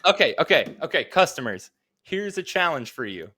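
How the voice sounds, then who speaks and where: A man's voice: fairly high pitch, big pitch swings, moderate pace, crowd noise. A young man co-hosting a casual podcast, telling rambling stories, laughing often and trailing off mid-sentence. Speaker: podcast co-host. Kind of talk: casual chat.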